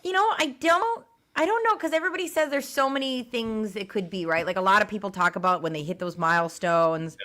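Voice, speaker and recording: A woman's voice: medium pitch, animated, brisk, few pauses, pushed and bright. A woman co-hosting a podcast, chatting in a rambling way about her grandparents. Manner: chatty, rambling with many fillers and restarts. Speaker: podcast co-host. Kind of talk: casual chat.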